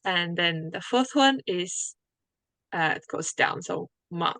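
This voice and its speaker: Woman, student, very slow tentative speech, gravelly bright voice, dry sound. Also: on the low side, lively intonation, dry recording. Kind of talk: casual online language lesson.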